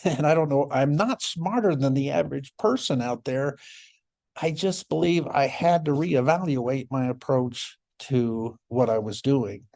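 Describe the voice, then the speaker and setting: Middle-aged male speaker, mellow, mid-pitched voice, reflective storyteller at a conference. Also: unhurried, gravelly. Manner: reflective, with frequent soft laughs and restarts. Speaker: former child welfare caseworker, symposium speaker.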